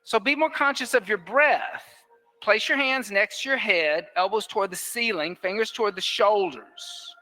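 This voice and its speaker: A man with a bright, clear voice leads a yoga class in an indoor studio. He calls out poses and counts each breath in a steady rhythm, and he often teases his students playfully. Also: high-pitched, moderate pace, soft background music. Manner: playful, teasing instructor who counts breaths aloud. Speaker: yoga teacher. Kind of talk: guiding a live yoga class.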